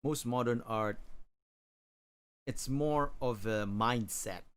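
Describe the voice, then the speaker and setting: A man streaming while he draws, chatting casually and rambling, with hesitant pauses and chuckles. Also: medium pitch, clear, resonant tone. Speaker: livestreamer drawing on stream. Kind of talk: casual chat while drawing.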